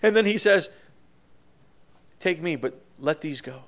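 Man, preacher, sermon, impassioned, volume rising and falling, stammering restarts, fairly high pitch. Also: expressive, measured pace, fairly bright tone.

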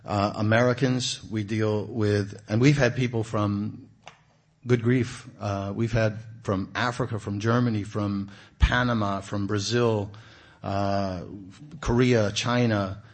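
A man delivers a relaxed sermon in a church meeting room, talking with the group rather than at them. His voice sits low and has a husky edge. He tosses questions to the listeners and leans hard into the points he wants to land. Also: slow. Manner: conversational, asks the audience questions, animated emphasis. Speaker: guest preacher. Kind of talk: informal sermon.

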